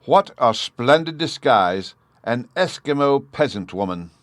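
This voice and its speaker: A man's voice: mid-range voice, lively intonation, measured pace, fairly bright tone, no room sound, pitched above the performer's own voice. A man reading an audiobook, voicing a flustered, timid noblewoman who stammers and pleads. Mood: excited.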